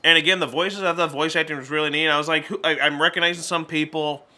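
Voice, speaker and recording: A man with a fast, somewhat high voice casually reviews an animated movie, chatty and tripping over restarts. He acts out character lines in little voices.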